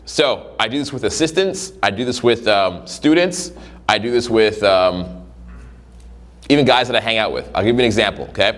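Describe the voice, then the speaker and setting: Playing the role of a dating coach, a man delivers a casual monologue full of profanity, animatedly acting out little scenarios in different voices. His pitch is fairly low and his pace moderate.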